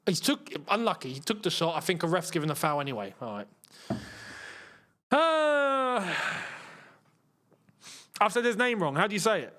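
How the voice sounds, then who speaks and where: Excitable young man. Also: high voice, moderate pace, pauses often. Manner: excitable, shouts at chances, chatty slang. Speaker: football channel host. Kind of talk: live match watchalong commentary.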